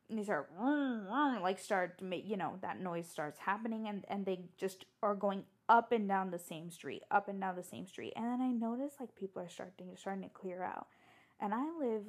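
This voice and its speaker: A young woman telling a story in casual, chatty fashion, animated and full of fillers and restarts. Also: medium pitch.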